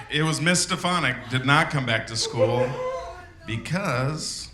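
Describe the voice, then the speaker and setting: A comedian telling a personal story on stage, halting with fillers and bursting into shouted quotes. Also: male voice, medium pitch, echoey room, background noise.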